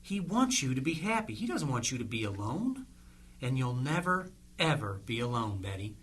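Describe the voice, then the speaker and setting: An actor playing a psychic medium in a radio play, speaking in a slow, coaxing, soothing way. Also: mid-range voice, very animated, a bit bright, slightly rough.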